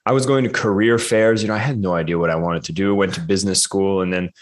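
Brief: male guest, low voice, animated storyteller who acts out the people in his story. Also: quick pace. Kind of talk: casual storytelling in a podcast interview.

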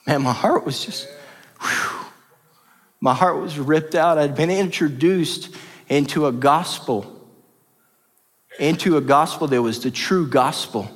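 A man's voice: a little high, slow, long pauses. Passionate man preaching in an echoing hall. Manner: passionate and emphatic, heavy repetition. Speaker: pastor. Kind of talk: sermon. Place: church hall. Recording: reverberant church hall.

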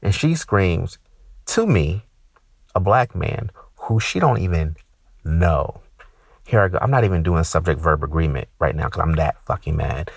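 Stand-up comic, man in his thirties, lively swooping delivery, gravelly, dry close sound. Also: normal speed, no room sound. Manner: animated, profane, ranting with sudden high-pitched outbursts. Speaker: stand-up comedian. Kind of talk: stand-up comedy set.

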